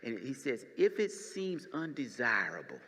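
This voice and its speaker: A male pastor preaching a sermon, moving between quiet teaching and loud, shouted preaching. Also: medium pitch, big pitch swings, moderate pace, breathy edge. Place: church sanctuary. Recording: long church reverb.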